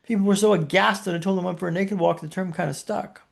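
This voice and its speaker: A man with a notably high voice and a gravelly, fried edge tells a personal story as a podcast guest. He builds tension with short punchy phrases and rhetorical questions. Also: steady tone, fast.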